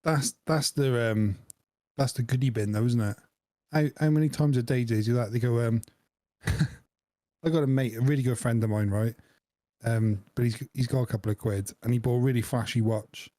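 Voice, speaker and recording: A man's voice: medium pitch, steady tone, moderate pace, warm tone, no echo. A man, co-hosting a podcast in a jokey, laughing chat. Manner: jokey, laughs often, acts out voices in anecdotes. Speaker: podcast co-host. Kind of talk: casual chat.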